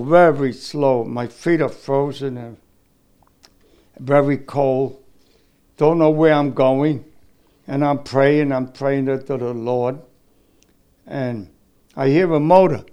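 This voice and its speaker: Older New veteran, raspy edge, slightly raised pitch, halting, emotional testimony. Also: male voice, a little mellow. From New York City. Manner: halting, repeats words, emotional. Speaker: war veteran recounting his experience. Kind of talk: oral history testimony.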